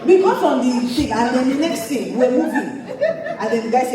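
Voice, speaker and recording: A woman's voice: high voice, moderate pace, a crowd in the background. Laughing woman pastor in an echoey hall. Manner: animated, laughs often mid-sentence. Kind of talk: humorous storytelling to a church audience. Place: church auditorium. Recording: echoey church hall, distant mic. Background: audience laughter.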